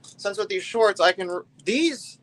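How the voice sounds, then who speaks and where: A man with a voice a touch higher than most, talking in an easy, loose live-stream chat. He rambles and lets his sentences drift off before picking them back up. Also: animated, unhurried, fairly bright tone. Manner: rambling, loose and talkative, often trailing off. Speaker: live streamer building a brick set.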